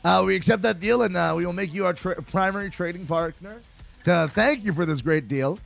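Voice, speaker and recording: A man's voice: high-pitched, a little fast, gravelly, a bit bright, faint music behind, exaggerated voice. A man roleplaying the formal, hesitant leader of a new republic in a game voice chat. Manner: formal, hesitant diplomatic speech.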